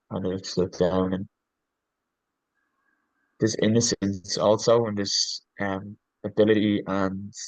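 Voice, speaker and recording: A man's voice: fairly low pitch, no room sound, rough recording. A man, a coach on a podcast, talking reflectively and earnestly, often restarting his sentences and searching for words with ums. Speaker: podcast guest, leadership coach.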